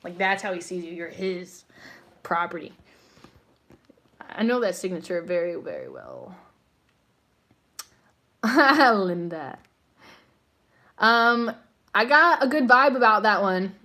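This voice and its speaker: A woman's voice: medium pitch, takes it slowly, long pauses, bright, forceful tone. A young woman hosting a casual live psychic reading stream, chatty and slangy, full of fillers and frequent laughter. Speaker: psychic livestream host.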